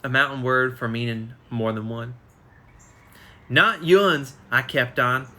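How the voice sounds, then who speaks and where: On a casual live stream, a male reader works through a biography, stumbling often and fixing his mistakes. His mid-range voice is sharp in tone and flat in delivery, at a normal speed, captured on a phone.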